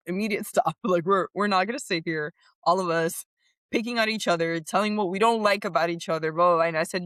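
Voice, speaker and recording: A woman's voice: fairly low pitch, fairly bright tone, no room sound, studio quality. A woman co-hosting a parenting podcast, talking casually and animatedly, often laughing as she tells stories. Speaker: podcast co-host. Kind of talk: casual chat.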